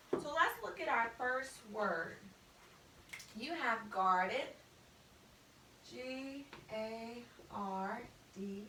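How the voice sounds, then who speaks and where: A woman's voice: a little high, sharp tone, reverberant, far from the mic, a little hiss or hum, low-quality recording. A woman teacher giving a patient spelling lesson to a student, spelling out words letter by letter.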